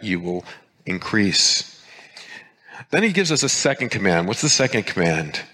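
A male pastor preaching a sermon with emphasis, repeating key phrases and slowing down to stress single words. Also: mid-range voice, sharp tone.

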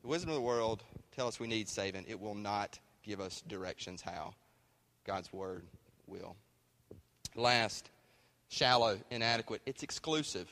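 A man's voice: on the low side, measured pace, bright, forceful tone. A man preaching a sermon in a folksy, conversational way. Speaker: pastor. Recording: hall reverb.

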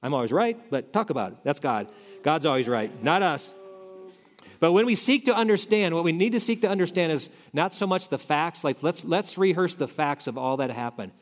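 A male pastor preaching a conversational sermon, shifting between loud emphasis and soft asides. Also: fairly high pitch, animated, fairly quick. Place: church sanctuary. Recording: reverberant hall.

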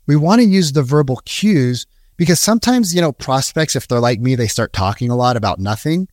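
A man's voice: medium pitch, lively intonation, a little fast, darkish tone, no echo, clean studio sound. A man giving casual sales coaching. He talks conversationally, often checks in with "right?" and acts out sample calls. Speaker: sales trainer.

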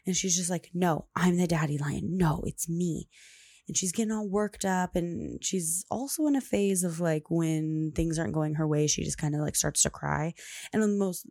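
A young woman tells a story on her podcast in a loose, rambling way and scatters "like" through every sentence. Her voice sits low for a woman. The recording is dry and close, with no room sound. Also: creaky, a little mellow, no echo. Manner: chatty, rambling, full of "like" fillers. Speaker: podcast host.

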